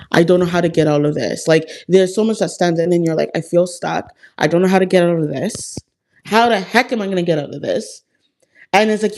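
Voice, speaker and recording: A woman's voice: on the low side, a little mellow. A woman hosting a live stream, talking to viewers in an earnest, confiding heart-to-heart, rambling with lots of "like" and restarts. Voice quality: creaky vocal fry. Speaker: host of a self-help live stream. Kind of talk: casual heart-to-heart talk to viewers.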